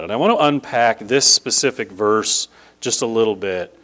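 A man preaching a sermon in a conversational style that builds to emphatic, animated stress. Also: fairly low pitch, moderate pace. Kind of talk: sermon teaching.

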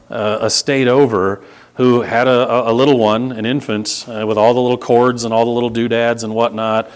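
A middle-aged pastor giving a sermon in a church, conversational and repetitive, swinging between loud emphasis and hushed intensity. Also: male voice, medium pitch. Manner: repeats words, frequent restarts and asides to the congregation.

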